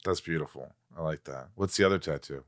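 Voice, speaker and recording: A man's voice: extremely low pitch, quick pace. A man interviewing a guest with friendly, teasing, casual questions.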